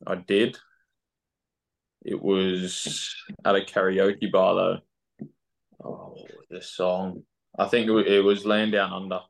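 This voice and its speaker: A man's voice: low voice, vocal fry. A young man with an Australian accent, chatting loosely as a footballer guest on a podcast, laughing easily. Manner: relaxed, laughing, halting with fillers. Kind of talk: casual podcast interview.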